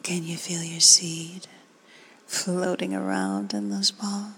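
A woman in a whispered role-play, giving slow, coaxing commands in a breathy whisper. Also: fairly low pitch, sing-song, fairly bright tone. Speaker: ASMR performer.

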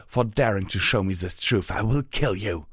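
Guy doing a nasty dark horse villainess, deep threatening voice, storybook. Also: slow pace, slightly rough, dry recording, clean studio sound, exaggerated voice. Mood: menacing. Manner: threatening, vengeful. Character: furious villainous mare, night-dark and menacing.

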